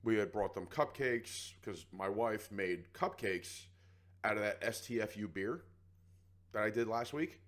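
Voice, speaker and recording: A man's voice: fairly low pitch, unhurried, a bit bright. A man co-hosting a podcast, telling a story in casual chat and acting out other people's voices. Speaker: podcast co-host.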